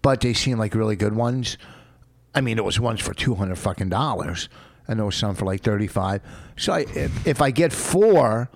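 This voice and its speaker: A man's voice: fairly low pitch, lively intonation, gravelly, no echo. Rambling man with dry close sound. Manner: rambling, halting, many fillers, swears casually; defensive, earnest. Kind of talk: casual chat.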